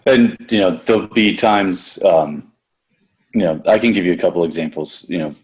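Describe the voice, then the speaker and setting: A man's voice: deep voice, normal speed. A man, a gym coach, talking casually and at length about a client, with many restarts and casual swearing. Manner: rambling, profane, many restarts. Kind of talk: casual podcast discussion.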